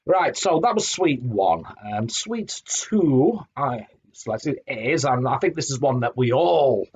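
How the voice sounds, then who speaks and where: A man's voice: mid-range voice, very animated, slow pace, a little mellow, husky. A middle-aged man hosting a live stream, chatting effusively with lots of fillers and restarts on a home streaming mic. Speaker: streamer host. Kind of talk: casual live-stream chat. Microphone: home streaming microphone.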